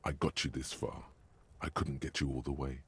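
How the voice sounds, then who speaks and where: An actor voicing the gravelly inner-voice narrator of a detective game, coaching in grim, urgent second person. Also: male voice, level tone, moderate pace, a bit bright, exaggerated voice. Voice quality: deep husky rasp. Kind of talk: game voice acting.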